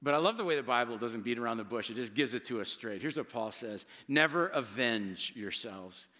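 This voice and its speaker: A middle-aged man preaching a sermon as a pastor, conversational and emphatic, with dramatic pauses and repeated words. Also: medium pitch, fairly bright tone, long reverb tail.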